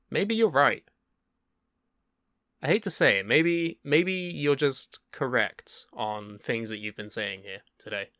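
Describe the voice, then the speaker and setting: Male co-host, bright forceful tone, dry close sound, measured and thoughtful. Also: mid-range voice, lively intonation, gravelly, dry recording. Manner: thoughtful, hesitant with fillers. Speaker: podcast co-host. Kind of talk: casual chat.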